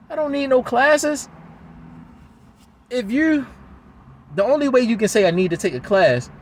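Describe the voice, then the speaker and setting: A man's voice: a little high, a little hiss or hum. A man from talking to the camera, venting in a heated, rambling way and swearing often. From Baltimore, USA. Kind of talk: emotional venting monologue.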